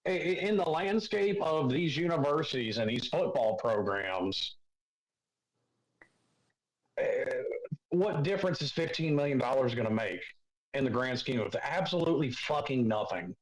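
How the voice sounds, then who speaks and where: A man's voice: mid-range voice, expressive, normal speed, reverberant, poor audio. A man co-hosting a sports podcast, blunt and sarcastic, swearing freely in casual talk. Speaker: podcast co-host.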